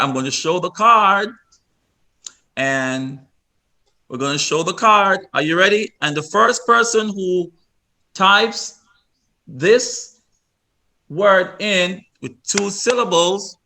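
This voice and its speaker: A man leads a virtual workshop over a video call. His voice sits a little high and rings bright. He explains step by step, repeating himself and restarting his sentences often. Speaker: workshop presenter.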